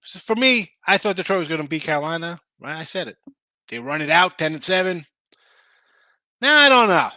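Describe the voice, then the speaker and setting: Tired, bright-voiced man chatting betting lines. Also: on the high side, fast, no room sound. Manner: casual, rambling, talks to chat viewers. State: tired, losing his voice. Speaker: sports betting show host. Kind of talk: live-streamed betting picks chat.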